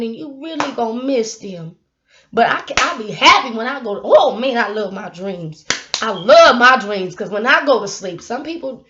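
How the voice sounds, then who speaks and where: A young woman talks straight to her camera in a casual, motivational vlog. She is animated and often laughs, now and then breaking into sudden loud bursts. Her voice sits a bit high, and the recording sounds dull and lo-fi. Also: a little hiss or hum. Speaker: YouTube vlogger.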